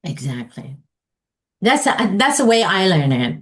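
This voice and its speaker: Slow, questioning woman trainer. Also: lowish voice, very animated. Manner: slow, questioning, models example sentences aloud. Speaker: ESL teacher trainer leading a session. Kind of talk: interactive teaching session.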